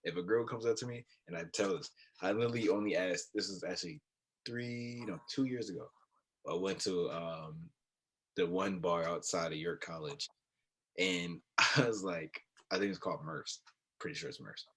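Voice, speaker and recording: Soft-spoken husky young man. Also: normal speed. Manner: low-key, storytelling with laughs. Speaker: podcast co-host. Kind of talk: casual chat.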